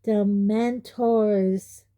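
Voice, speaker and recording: An indignant teenage boy, defiant and quick to anger, as a woman reading an audiobook puts him on. The voice lifts higher than the narration, dark in tone and deliberate, pressing each word. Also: lively intonation. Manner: raised, indignant. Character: defiant teenage boy wizard, angry and tense.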